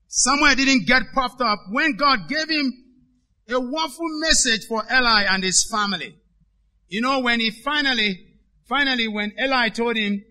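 Male pastor, sermon delivery, high voice with a very bright, piercing edge, emphatic and dynamic. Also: normal speed. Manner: emphatic, swings between loud and hushed.

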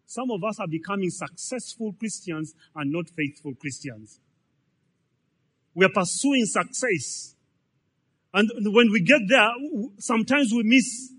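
A man's voice: sits high, a bit bright, breathy edge. A man, preaching a sermon in a conversational way, full of repetitions and rhetorical questions. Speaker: pastor.

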